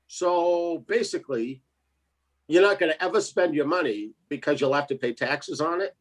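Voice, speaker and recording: Animated, laughing husky-voiced man. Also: on the high side, moderate pace. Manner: animated storyteller, laughs often, mimics voices. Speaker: co-host. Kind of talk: casual chat.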